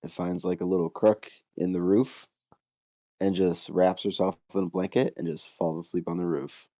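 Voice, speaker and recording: A man's voice: low-pitched, moderate pace, warm tone, no room sound. A man playing a tabletop game, describing his character in a laid-back, blunt way with casual swearing. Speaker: player. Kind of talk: tabletop game role-play.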